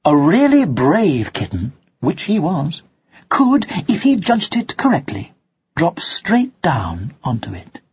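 A narrator reading a children's storybook aloud in a slow, expressive way, on a dull lo-fi recording. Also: medium pitch, slightly rough, dry recording. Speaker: audiobook narrator.

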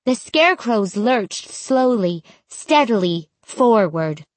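A woman narrating a first-person storybook in a measured, suspenseful way. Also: a little high, sing-song, dry recording. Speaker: audiobook narrator.

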